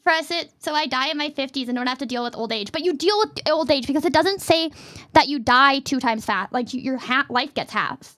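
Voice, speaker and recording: A young adult woman streaming as a VTuber, chatting casually and playfully with her chat in quick jokey asides. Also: high-pitched, pushed and bright.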